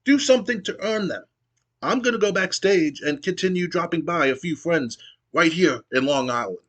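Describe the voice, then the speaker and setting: A man's voice: a little high, expressive, normal speed, a bit bright, pitched above the performer's own voice. A man voicing a stern veteran male wrestler lecturing a younger rival. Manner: lecturing, earnest.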